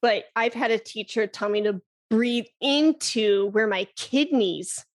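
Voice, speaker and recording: A woman flute teacher talking on a podcast in an animated way, laughing often and demonstrating breath sounds. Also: on the high side, unhurried. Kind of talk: casual podcast conversation.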